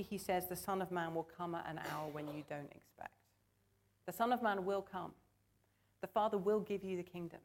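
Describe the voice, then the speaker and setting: Woman preacher, earnest, conversational sermon, lowish voice. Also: darkish tone. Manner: earnest, conversational, asks congregation to join in. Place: church.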